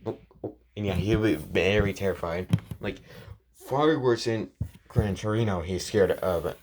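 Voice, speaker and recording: Slow, low-voiced rambling storyteller man. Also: darkish tone, slight background noise. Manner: hesitant, many fillers and restarts. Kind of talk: rambling fan-story narration. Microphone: phone screen recording.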